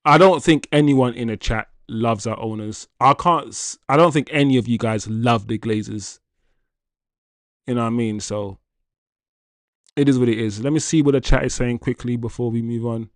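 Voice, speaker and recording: Male livestream host, casual and animated, addresses chat directly, dry sound. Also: medium pitch, moderate pace, dry recording. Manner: animated and chatty, laughs often, addresses chat as guys. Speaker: football channel livestream host. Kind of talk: casual livestream chat reading viewer comments.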